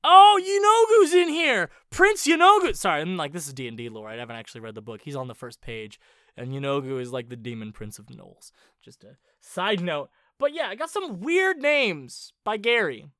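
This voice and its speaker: A man's voice: medium pitch, very animated, brisk, pushed and bright, dry recording, studio quality. A man in a casual rambling book chat, sounding out odd names aloud and swearing as he goes.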